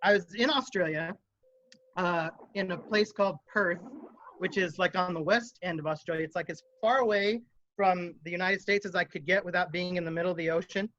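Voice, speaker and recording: A man's voice: sits high, brisk, highs cut off. A man from Phoenix, Arizona, a musician guest telling stories in a casual interview and acting out the voices he quotes. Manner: animated storyteller, acts out quoted voices.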